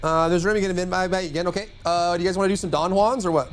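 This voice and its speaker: A man's voice: high voice, steady tone, rapid-fire, soft background music. A man streaming a game live, rambling and joking with his teammates in casual chat. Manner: rambling and jokey, chatting with teammates. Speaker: livestreamer and gamer.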